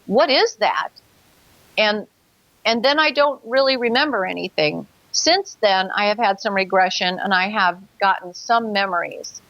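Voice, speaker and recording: A woman's voice: mid-range voice, moderate pace, a bit bright, no room sound, highs cut off. A woman guest in a talk show interview, telling a personal story earnestly and vividly, with hesitant fillers.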